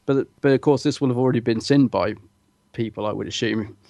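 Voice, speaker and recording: A man co-hosting a podcast in easy, enthusiastic chat, laughing often. His voice sits mid-pitched. The sound is dry and close. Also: fairly quick, gravelly, mellow, no echo. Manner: chatty and enthusiastic, laughs easily, many restarts. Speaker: podcast co-host. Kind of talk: casual chat.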